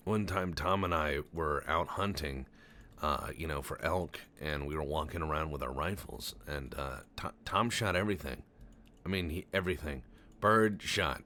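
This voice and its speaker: A man commenting on a game he is playing, telling long absurd stories in a deadpan way, stammering and swearing often. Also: sits low. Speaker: Let's Play commentator. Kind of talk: casual game commentary with rambling tall tales.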